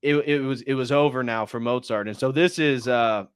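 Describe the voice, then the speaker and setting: A man's voice: mid-range voice, normal speed, clear, resonant tone, no room sound, clean studio sound. A man hosting a casual movie review on a live stream, retelling scenes and now and then acting out the characters' lines. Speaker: host.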